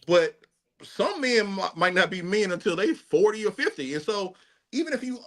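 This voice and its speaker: A man's voice: high voice, lively intonation, normal speed, a bit bright. A man, emphatic and slangy in a casual group conversation among fraternity brothers. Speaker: fraternity brother in a panel talk. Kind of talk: casual chat.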